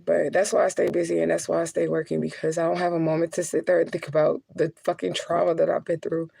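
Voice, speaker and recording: A woman's voice: deep voice, little pitch movement, fast, vocal fry, warm tone, husky, no room sound. A woman talking casually to her viewers in a blunt, profane, chatty way, often laughing between heavier remarks. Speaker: spiritual adviser and vlogger.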